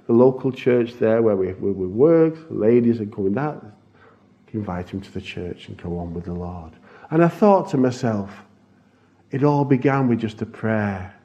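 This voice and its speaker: A man's voice: fairly low pitch, lively intonation, moderate pace, warm tone. A man earnestly telling a congregation a testimony from his mission work, with some restarts along the way. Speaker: church missions speaker. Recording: dull lo-fi recording.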